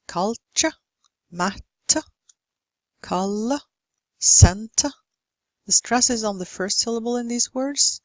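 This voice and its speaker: A Norwegian woman teaching English pronunciation in a slow, careful way, working through example word lists one at a time. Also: mid-range voice, no room sound. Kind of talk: recorded phonetics lesson.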